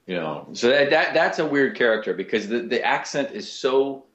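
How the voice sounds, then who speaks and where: A man, a voice actor and comedian, telling stories in a casual interview with lively restarts. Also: mid-range voice, normal speed, reverberant, muffled recording. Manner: animated storyteller, lots of restarts.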